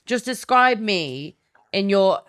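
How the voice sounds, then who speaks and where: A woman's voice: mid-range voice, expressive, slow pace, a bit bright. Woman from somerset hosting her podcast, teasing and giggly, voice bounces up and down a lot. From Somerset, England. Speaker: podcast host. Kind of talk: casual comedic chat.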